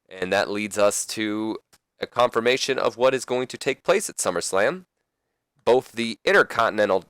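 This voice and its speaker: Low, clear-voiced casual game commentator. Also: male voice, fairly quick, fairly bright tone, no echo. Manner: casual, rambling, self-correcting. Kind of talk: let's play commentary.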